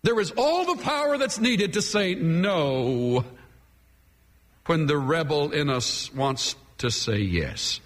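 A man's voice: fairly high pitch, sing-song, slow pace, a bit bright. A man preaching a sermon from the pulpit, emphatic and dramatic, leaning hard on key words. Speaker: pastor. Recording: long hall reverb.

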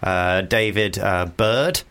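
Playful man with a deep voice. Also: takes it slowly, a bit bright. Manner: playful, bursts into put-on accents. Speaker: podcast co-host. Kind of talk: casual comedic chat.

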